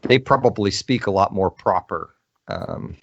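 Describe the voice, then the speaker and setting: Lower-voiced man, podcast co-host, thoughtful explainer, muffled audio. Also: huge pitch swings, unhurried, gravelly, husky. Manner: thoughtful, hedging, explains with fillers. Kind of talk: casual podcast chat about games.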